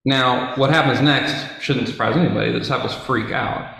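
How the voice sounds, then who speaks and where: A man's voice: mid-range voice, steady tone, moderate pace, vocal fry, a bit bright. A man casually retelling a Bible story, with conversational fillers and playful asides. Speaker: Bible teacher. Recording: very echoey room.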